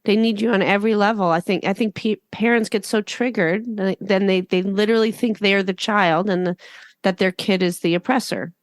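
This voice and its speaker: A woman's voice: medium pitch, fairly even intonation, brisk, dry recording, studio quality. A woman co-hosting a podcast, eagerly jumping in with follow-up questions and her own views. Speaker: podcast co-host. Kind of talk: casual interview chat.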